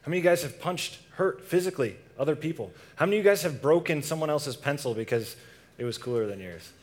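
A man's voice: a little high, expressive, fast. A young man preaching a casual sermon to a youth group, asking the audience questions and reading scripture.

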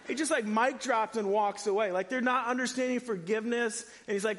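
A man preaching a sermon in a casual, animated way, using slang. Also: high voice, normal speed, long reverb tail. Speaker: pastor.

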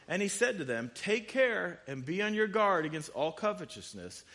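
A man's voice: medium pitch, a bit bright. A man preaching a sermon, talking casually and reading scripture aloud with rising emphasis. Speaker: pastor.

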